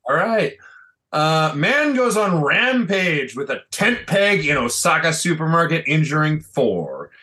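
A man's voice: fairly high pitch, unhurried. A man co-hosting a casual news podcast, reading stories aloud and swearing often in between. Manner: profane, animated, cuts in apologetically. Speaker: podcast co-host.

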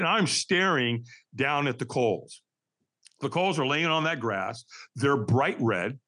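A man telling a personal story as a podcast guest, energetic and vivid, acting out what others said. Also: medium pitch, slightly rough. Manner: energetic, acts out quoted voices, frequent restarts. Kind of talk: animated storytelling.

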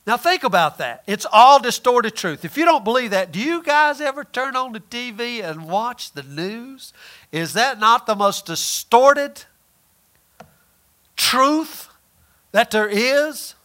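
A man with a high, bright voice delivers a sermon to his congregation. He talks in a folksy, emphatic way, punching some points loudly and dropping others to a near murmur. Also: very animated, unhurried. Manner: folksy and emphatic, swings between loud and quiet. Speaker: preacher.

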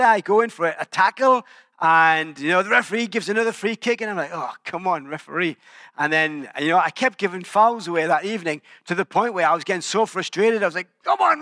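A man's voice: sits high, sharp tone, no echo, clean studio sound. A man in his forties with an English accent, preaching a sermon in a church and telling personal stories in a conversational, self-deprecating way. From England. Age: 40s. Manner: conversational, self-deprecating storytelling with frequent restarts. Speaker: pastor.

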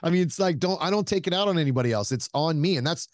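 A man hosting a casual chat, telling stories in an animated, self-mocking way, swearing freely and laughing often as he talks. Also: on the high side, rapid-fire, no room sound, clean studio sound. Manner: laughs often while talking. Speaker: podcast host.

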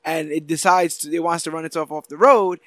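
A man co-hosts a podcast in a dry, close-miked sound. His voice sits a bit high, and he explains things earnestly in long stretches, often stopping and restarting mid-sentence. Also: fairly even intonation, brisk, a bit bright, dry recording. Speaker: podcast co-host. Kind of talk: casual podcast chat.

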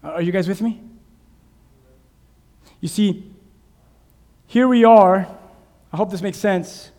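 A man preaching a sermon, animated, acting out shouted voices from Bible stories. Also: sits high, slow. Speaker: pastor. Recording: long hall reverb.

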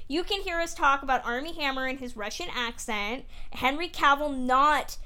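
A woman with a high, light voice hosts a podcast in a loose, conversational style. She talks easily and often stops on filler words like "um.". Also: moderate pace, hardly any pauses. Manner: relaxed, filler-heavy with frequent ums. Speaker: podcast host. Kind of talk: casual podcast chat.

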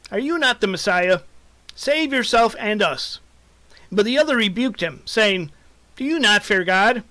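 A man reading scripture as a mock news report, with a steady, announcer-like delivery. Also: high voice, no room sound. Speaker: mock newscaster and scripture reader.

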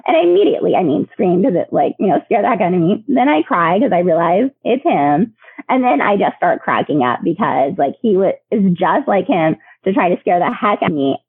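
Guest in her thirties, gravelly husky voice, chatty and laughing, heard over a dry phone-like line. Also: lowish voice, very animated, fairly quick, no room sound. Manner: chatty, many fillers, laughs often. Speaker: podcast guest. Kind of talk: personal storytelling.

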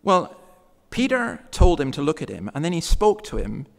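A man's voice: fairly high pitch, very animated, gravelly. Conversational male preacher in a reverberant hall. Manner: conversational preaching, slows for emphasis. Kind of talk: sermon.

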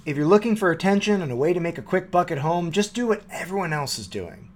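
A man's voice: sits high, animated, quick pace. A man delivering a short comedy segment as a dry, confident, lecturing monologue. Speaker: segment host. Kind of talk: mock-serious comedy monologue.

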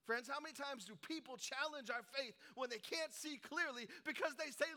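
A man's voice: extremely high pitch, moderate pace, few pauses. A middle-aged man from Colorado preaching a sermon, telling stories with humor and acted-out voices. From Colorado, United States. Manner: animated storytelling with humor and voices. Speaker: pastor.

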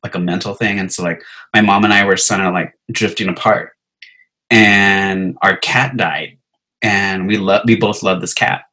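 A man's voice: low-pitched, steady tone, moderate pace, pushed and bright, rough recording. A young man telling a personal story in casual chat, rambling and full of filler words. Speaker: podcast guest telling a story.

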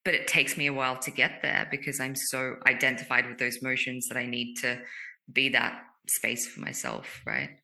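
This woman talks in a very low register, yet her tone is bright and forceful. She speaks earnestly and candidly as a guest in a casual conversation, quick and emphatic. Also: gravelly.

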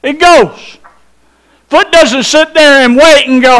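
A pastor preaches a sermon in a very high-pitched, fairly bright voice. He speaks slowly and emphatically, stretching out his phrases and posing rhetorical questions to the congregation.

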